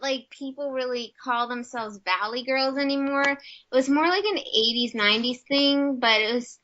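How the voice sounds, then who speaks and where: Bright-voiced chatty American actress. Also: female voice, high voice, moderate pace, a little hiss or hum. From United States. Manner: chatty, many fillers, upbeat. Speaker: actress and guest. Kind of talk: casual interview chat. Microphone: video call. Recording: slightly muffled video-call audio.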